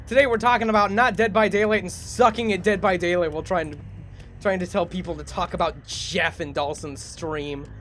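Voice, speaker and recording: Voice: mid-range voice, steady tone, a little fast, a bit bright, soft background music. A streamer giving casual live gaming commentary, chatty, self-mocking and swearing freely.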